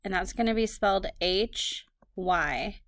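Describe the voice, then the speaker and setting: A woman teaching a recorded phonics lesson, slowly dictating words and spelling them out letter by letter. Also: medium pitch, fairly bright tone, no room sound.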